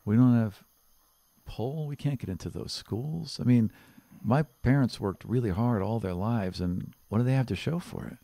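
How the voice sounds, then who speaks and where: A man voicing a restless young male town guard who talks in a wistful, low-key way. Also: moderate pace, gravelly, mellow, no room sound.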